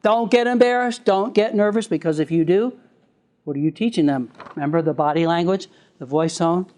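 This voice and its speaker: A man giving a live lecture to a class, chatty and quick to laugh, acting out little examples as he goes. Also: sits high, a little mellow.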